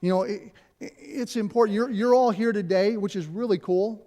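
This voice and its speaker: High-pitched middle-aged guy preaching in church, casual asides, says things twice. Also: moderate pace, dark tone. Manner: conversational preaching with repeated phrases and asides. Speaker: pastor. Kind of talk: sermon. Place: church sanctuary.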